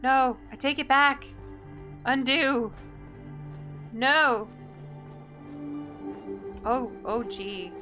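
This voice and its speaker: A woman's voice: high voice, drawn-out words, pauses often, pushed and bright, soft background music. A woman hosting a gameplay video, chatting and thinking aloud in an indecisive, casual way. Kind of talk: casual let's-play commentary.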